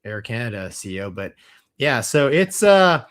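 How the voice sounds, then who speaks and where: A man's voice: mid-range voice, sing-song, moderate pace, fairly bright tone. A man co-hosting a casual pilot chat show, telling a story in a laid-back, slangy way full of dude.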